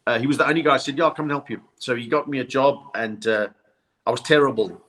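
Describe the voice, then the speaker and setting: An older South African comedian, a man in his sixties, spins anecdotes as a podcast guest. His pitch sits right in the middle for a man. He keeps his stories moving and drops into accents to land the punchlines. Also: fast. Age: 60s. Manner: lively storyteller who slips into accents for punchlines. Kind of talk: anecdotal storytelling in a podcast interview.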